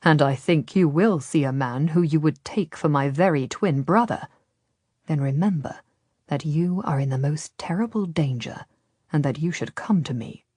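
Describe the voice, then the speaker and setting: A woman voicing a smooth, persuasive Ottoman nobleman who speaks quietly and gently in an audiobook. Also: low-pitched, moderate pace, dry recording, pitched below the performer's own voice. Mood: coaxing, ominous.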